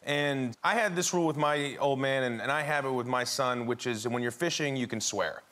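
A man's voice: mid-range voice, fairly quick. A man guesting on a chat show, telling a family anecdote and laughing often. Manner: animated storyteller, laughing often. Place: TV studio with audience.

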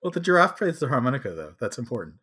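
A dry-witted podcast co-host who teases the others with quick retorts. The voice rises and falls a lot as it banters. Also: male voice, mid-range voice, sing-song, pushed and bright, a little hiss or hum. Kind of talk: casual chat.

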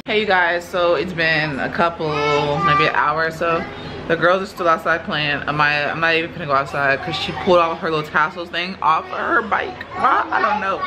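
A young woman chatting casually to her phone camera as a mom vlogger at home, calling her viewers y'all. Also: lowish voice. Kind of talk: casual vlog talk to camera. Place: at home with babies. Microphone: phone held by hand. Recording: noisy home phone recording.

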